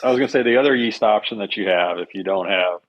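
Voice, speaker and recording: A man's voice: on the low side, fast, dull audio. A man speaking as a guest on a casual podcast, explaining things in an easygoing, matter-of-fact way.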